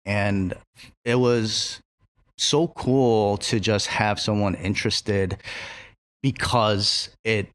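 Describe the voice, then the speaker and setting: A man's voice: fairly low pitch, steady tone, extremely slow, fairly bright tone, no room sound. A man who is a chef and restaurant co-owner, chatting casually in an interview, rambling with many fillers and swearing now and then.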